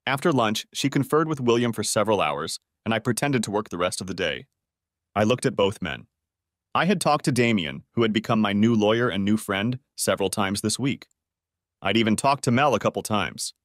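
Low-voiced man narrating a story. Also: lively intonation, fairly quick, no echo, clean studio sound. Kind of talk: scripted first-person story narration.

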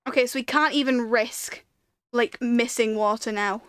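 A woman's voice: on the high side, fairly even intonation, moderate pace, a bit bright, clean tone, no echo. A woman giving casual commentary while playing a video game, talking to herself and breaking into panicked repeated pleas. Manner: chatty, rambling storytelling with fillers. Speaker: gaming video creator.

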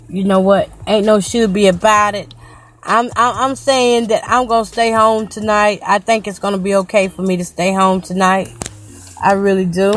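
An older woman from North Carolina with a country Southern accent, chatting casually and unscripted to her vlog followers from her car. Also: medium pitch. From North Carolina, USA. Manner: chatty, folksy, country talk with y'all. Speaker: vlogger, grandmother. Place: in her car during a rainy storm.

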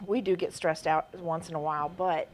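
A woman's voice: lowish voice, steady tone, moderate pace, slight background noise. A middle-aged woman, chatting casually and laughing often as host of a quilting livestream, drifting off topic.

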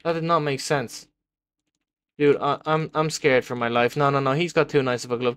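A young man commenting live on his own gameplay, excitable and repeating words in bursts as he taunts other players. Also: medium pitch, normal speed, clean tone, dry recording. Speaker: gaming video creator.

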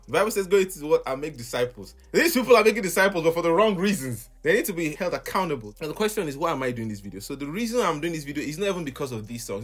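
A young adult man and music minister hosting his own vlog, animatedly lamenting with exasperated laughter. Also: fairly high pitch. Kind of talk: casual vlog reaction.

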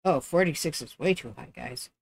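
A woman's voice: low-pitched, normal speed, gravelly, slightly rough. A woman streaming live, chatting casually with viewers and cooing baby talk at her dog. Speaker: game streamer.

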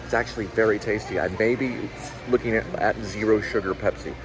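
A man's voice: on the low side, steady tone, a little fast. A man hosting a vlog, chatting casually and rambling with joking asides while he samples food in a large store. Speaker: vlog host.

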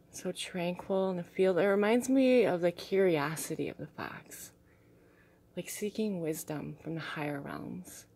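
A young woman vlogging casually as she shows her crystals and artwork, gushing and soft-spoken and often dropping to a hushed tone. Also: on the low side, slight background noise. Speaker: vlogger showing crystals and art. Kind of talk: casual show-and-tell vlog.

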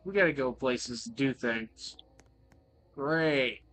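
A man giving excitable, joking playthrough commentary, swearing freely as he plays. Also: mid-range voice, takes it slowly, soft background music. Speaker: gaming video creator.

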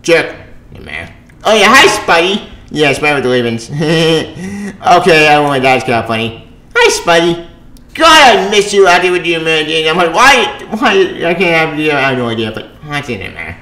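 A man's voice: a little high, sing-song, moderate pace, pushed and bright. A man reviewing a comic book in a casual, rambling, sarcastic way, with many restarts and asides. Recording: roomy echo.

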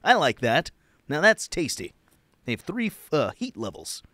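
Young man, comedy podcast host, high-ish voice, rambling and giggly. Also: huge pitch swings, moderate pace, bright, forceful tone, no echo. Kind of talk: casual chat.

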